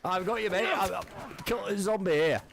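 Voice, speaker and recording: A streamer putting on a rowdy, swearing British lad accent, full of crude laddish banter. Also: male voice, high voice, normal speed, gravelly, crowd noise, voice pushed up. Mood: rallying. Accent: put-on British.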